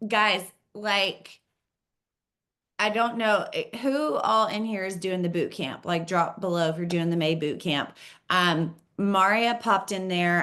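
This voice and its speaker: A woman hosts a team training call in a casual, chatty way, full of enthusiasm. She talks straight to the group at a middle pitch. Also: a bit bright. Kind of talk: casual coaching chat.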